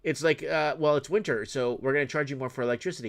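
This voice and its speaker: A Canadian man in casual chat, telling a story in an animated, exasperated way with stammering restarts. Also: fairly high pitch, fast talker, vocal fry.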